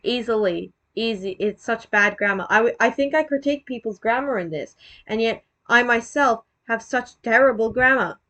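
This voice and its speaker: A woman's voice: on the high side, moderate pace, fairly bright tone. A woman giving casual, self-deprecating commentary on her own old video, rambling, swearing and restarting her sentences.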